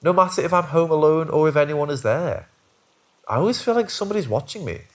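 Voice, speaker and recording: A man's voice: on the high side, lively intonation, quick pace. A man giving scripted narration of first-person scary stories, reading steadily.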